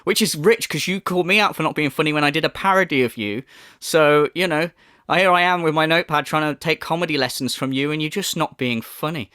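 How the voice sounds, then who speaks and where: A man's voice: fairly high pitch, brisk, sharp tone, clean tone, dry recording, clean studio sound. A man doing a profane, mocking commentary rant. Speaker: commentary YouTuber. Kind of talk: ranting video commentary.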